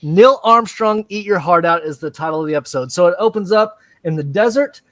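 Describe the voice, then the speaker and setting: A man casually recapping a cartoon episode, excitable and profane, acting out the scenes in quick put-on voices. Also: sits high, no room sound, studio quality. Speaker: podcast co-host.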